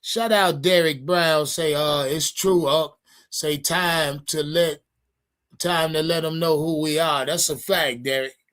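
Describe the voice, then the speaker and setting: A man's voice: on the high side, takes it slowly. A man hosting a live sports stream, chatting casually and profanely with his viewers. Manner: profane, animated, addresses chat directly.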